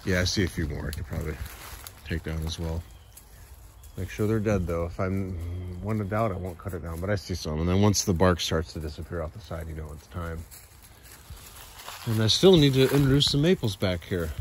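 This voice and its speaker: A man's voice: low voice, fairly quick. A man chatting casually to his cat while walking through backyard woods and fields. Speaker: cat owner vlogger. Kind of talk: casual walk-and-talk vlog. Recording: outdoor background noise in the woods.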